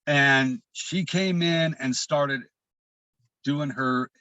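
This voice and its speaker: A man from Washington state, a guest on a video call, telling a painful personal story in a halting way, often restarting and repeating words. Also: mid-range voice, bright, forceful tone, no room sound, lo-fi sound. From Washington state, USA. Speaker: guest sharing his recovery story.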